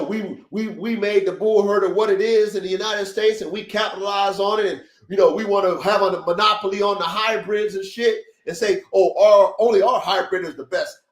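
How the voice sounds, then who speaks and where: A high-voiced man hosting a dog podcast on a livestream, preaching to his listeners in short, repetitive, swear-laden bursts. His voice rings in a roomy, echoey space. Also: moderate pace. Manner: emphatic, preachy, repetitive pep-talk with profanity. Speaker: podcast host, dog breeder. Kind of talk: casual livestream podcast talk. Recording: roomy echo.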